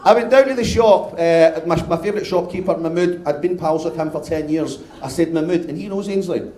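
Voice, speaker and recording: A Scottish man in his fifties works a live comedy crowd in a high, bright voice. He is brash and sweary and gets loud as he banters. The sound is echoey, as from a live venue. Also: brisk. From Scotland. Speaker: stand-up comedian. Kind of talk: live stand-up routine.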